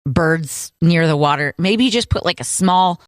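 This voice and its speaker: Animated woman podcast co-host, dry studio sound. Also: deep voice, normal speed, no echo. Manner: animated storyteller, acts out quoted voices. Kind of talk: casual chat.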